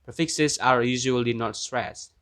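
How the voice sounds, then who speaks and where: A young man with an Indonesian accent reading a student presentation, pausing between example words. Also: mid-range voice, a bit bright, no room sound.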